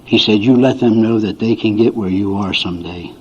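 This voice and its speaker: At a recovery meeting, an older man with a lowish, slightly rough voice talks a little fast, spinning folksy stories for the audience with chuckles and impressions of his family. The sound quality is dull and lo-fi.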